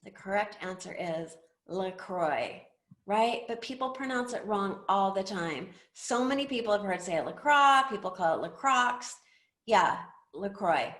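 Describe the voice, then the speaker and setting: A middle-aged woman presents in a lively, conversational way, often throwing questions to her listeners. Her voice sits at an ordinary pitch and carries a noticeable room echo. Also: normal speed, few pauses. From United States. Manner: chatty, animated, asks the audience questions. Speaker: webinar presenter. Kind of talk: presentation talk. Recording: echoey room.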